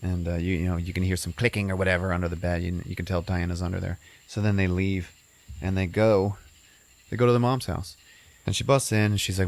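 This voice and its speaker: A man's voice: sits low, steady tone, a little fast. A man hosting a podcast, casually retelling a movie plot in a rambling, profane way full of fillers. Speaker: podcast host.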